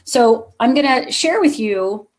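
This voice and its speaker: A woman's voice: a little high, expressive, a little slow. A middle-aged woman giving a motivational keynote to a live conference audience, telling a personal story and speaking straight to the crowd.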